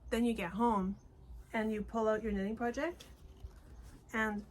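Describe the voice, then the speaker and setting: Chatty Canadian woman, slightly high voice. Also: fairly even intonation, unhurried. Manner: cheerful, chatty storytelling. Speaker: podcast co-host. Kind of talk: casual chat. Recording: faint background noise.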